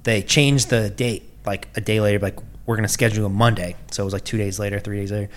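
A man's voice: lowish voice, quick pace, a little hiss or hum. A young man telling a story in casual chat, swearing freely and acting out the voices of people he quotes. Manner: animated, swearing, acts out quotes in a raised voice.

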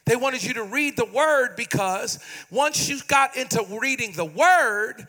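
High, bright-voiced preaching pastor. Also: male voice, big pitch swings, slow. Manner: call-and-response preaching, rising to shouts and sung phrases; acts out prayers in a softer, pleading voice. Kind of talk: sermon. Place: church sanctuary.

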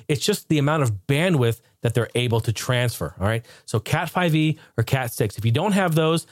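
A man's voice: a little high, no echo, clean studio sound. A man hosting his own podcast, chatting casually and telling stories with frequent laughs. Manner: animated storyteller, laughs often. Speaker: podcast host.

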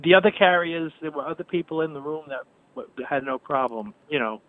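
Hesitant man on a tinny phone line. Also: a little high. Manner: hesitant, many pauses and fillers. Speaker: caller receiving a call.

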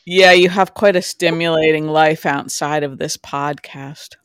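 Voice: medium pitch, steady tone, a little slow, fairly bright tone, smooth, dry recording, studio quality. A podcast co-host chatting casually and laughing often about a soap opera episode. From New York. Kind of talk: casual chat.

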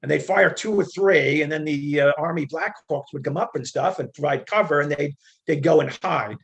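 Very raspy, gravelly older man. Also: fairly high pitch, moderate pace. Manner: animated, acts out quoted dialogue, frequent fillers. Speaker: interview guest, retired federal agent. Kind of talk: conversational storytelling.

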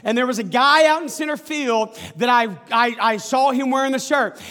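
A man preaching a sermon, telling a story with animated, folksy asides to the congregation. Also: very high-pitched, moderate pace, hardly any pauses, long reverb tail. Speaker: pastor.

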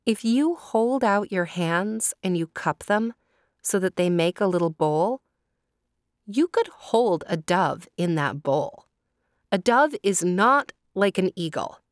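A woman telling a children's story, gentle and deliberate, pausing to ask her young listeners questions. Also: medium pitch, animated, no room sound, clean studio sound.

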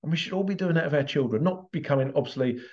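A man's voice: fairly high pitch, rapid-fire, darkish tone, muffled recording. A man telling a story as a parent in a casual motivational talk, acting out the voices of the people in it. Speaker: parent giving life advice.

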